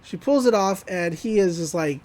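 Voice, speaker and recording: High-voiced man recapping casually. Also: lively intonation, moderate pace, a little mellow. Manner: rambling retelling with lots of fillers and laughs. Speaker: podcast co-host. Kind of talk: casual anime episode recap.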